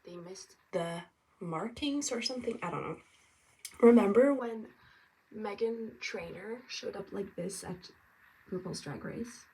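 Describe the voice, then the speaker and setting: A tired woman from France chatting casually as she gets ready, rambling and now and then dropping to a soft whisper. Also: mid-range voice, a little slow. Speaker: vlogger. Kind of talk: casual get-ready-with-me chat. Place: at home getting ready. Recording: distant mic, faint room ambience.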